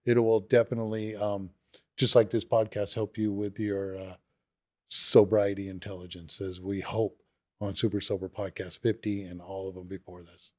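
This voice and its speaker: A man's voice: fairly low pitch, level tone, normal speed, dark tone. A man co-hosting a sobriety podcast, talking in an enthusiastic, rambling way. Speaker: podcast co-host. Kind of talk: casual recovery podcast talk.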